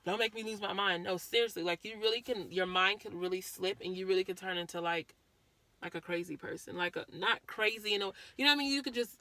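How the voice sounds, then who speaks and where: A woman's voice: medium pitch, fast talker, sharp tone, no echo. A woman vlogger earnestly recounting a painful personal story, often repeating herself.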